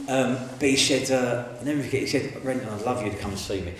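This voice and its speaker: A man's voice: mid-range voice, fast talker, crowd noise. Man, echoey room. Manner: animated, colloquial, acts out the people in his stories. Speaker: interviewee giving a testimony. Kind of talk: candid storytelling. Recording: very echoey room, faint noise.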